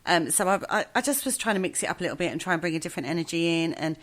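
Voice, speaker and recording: Low-voiced woman co-host, soft and hesitant. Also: lively intonation, racing. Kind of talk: casual interview chat.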